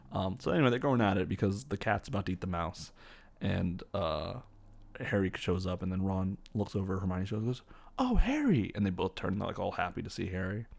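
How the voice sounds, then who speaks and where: A man's voice: sits low, gravelly, darkish tone. A man hosting a podcast, casually retelling a film from memory in a rambling way, full of fillers and self-corrections. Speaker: podcast host.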